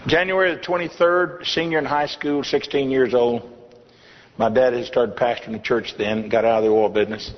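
A man's voice: medium pitch, fairly even intonation, normal speed. An older man preaching a testimony sermon in a church, telling his story in a folksy, humorous way. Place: church hall. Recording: dull lo-fi recording in a reverberant hall.

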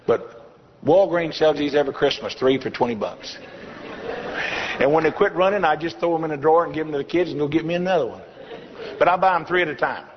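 Older preacher in an echoing hall. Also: male voice, a little high, fast talker. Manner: folksy, humorous storytelling. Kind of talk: sermon testimony. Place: church hall. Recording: dull lo-fi recording in a reverberant hall.

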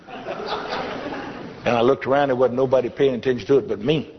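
A man's voice: mid-range voice, steady tone, moderate pace, long pauses, slight background noise. An older man preaching a testimony sermon in a church, telling his story in a folksy, humorous way. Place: church hall. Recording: dull lo-fi recording in a reverberant hall.

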